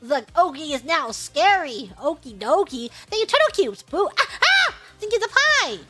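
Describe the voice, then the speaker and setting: Streamer, woman: high, bouncy read of superchats, playful and giggly, faint music under the voice. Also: very animated, normal speed, bright, forceful tone. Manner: playful, bursts of high laughter, stumbles over foreign words. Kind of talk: casual livestream chat.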